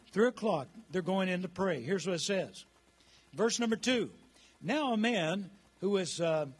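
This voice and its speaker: A man in his sixties preaching a rousing sermon in church and calling on the congregation to answer back. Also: high voice. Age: 60s. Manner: rousing, calls the congregation to respond. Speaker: pastor.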